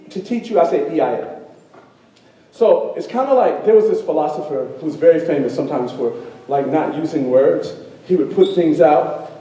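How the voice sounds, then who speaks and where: Man storyteller, high mellow voice, very echoey distant hall sound, call-and-response teaching. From United States. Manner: animated, leads a crowd in call-and-response song. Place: high school auditorium with audience.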